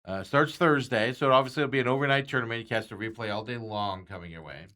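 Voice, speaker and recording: A man's voice: mid-range voice, fast, pushed and bright. A man hosting a sports talk show, chatting casually and rambling with frequent chuckles.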